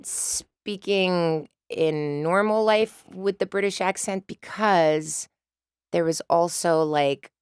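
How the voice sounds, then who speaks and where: Deep-voiced woman w/ some fry, lively storytelling, russian native, dry studio sound. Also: slow pace, no room sound. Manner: animated storyteller, mimics voices. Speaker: actress guest. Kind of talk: casual interview chat.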